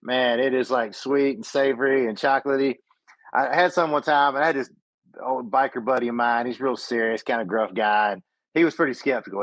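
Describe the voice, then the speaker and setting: A man's voice: mid-range voice, fast, a bit bright, dry recording, low-quality recording. Man telling stories, dry sound. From western Georgia, USA. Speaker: podcast co-host. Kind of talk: casual chat.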